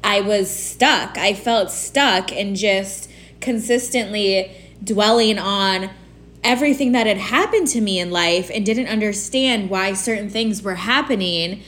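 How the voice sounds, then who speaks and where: A woman's voice: medium pitch, unhurried, fairly bright tone. A woman hosting a solo podcast, talking through her feelings in a candid, casual way, with lots of "like" and "you know". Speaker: podcast host. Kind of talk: reflective solo podcast monologue.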